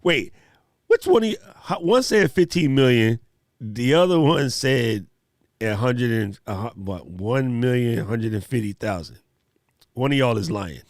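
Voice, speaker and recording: Animated guy hosting a live q&a, slangy, talks right to chat, dry sound. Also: medium pitch, no echo. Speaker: live stream host.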